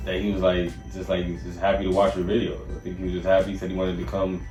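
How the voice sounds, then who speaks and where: A man's voice: low-pitched, monotone, fast, darkish tone, muffled recording. A man in casual podcast chat, speaking hesitantly and fumbling for words. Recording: echoey room, far from the mic, faint music.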